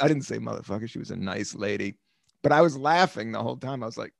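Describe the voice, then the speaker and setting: A man's voice: medium pitch, a little fast, gravelly, a bit bright, no echo, clean studio sound. An American man in his fifties hosting a podcast, rambling through stories in a casual monologue, swearing freely and laughing often. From United States. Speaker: podcast host.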